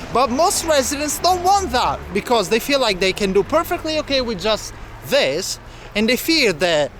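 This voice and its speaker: High-voiced man vlogging outdoors. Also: background noise. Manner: chatty, explains local facts as he walks. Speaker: travel vlogger. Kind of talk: walking travel vlog narration. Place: outdoors on city streets.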